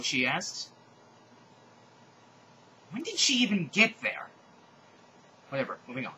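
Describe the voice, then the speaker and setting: A man's voice: medium pitch, animated, brisk, pauses often, bright, forceful tone, a little hiss or hum, rough recording. Sardonic man reading fiction aloud. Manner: sardonic, exasperated asides. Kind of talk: comedic dramatic reading with asides.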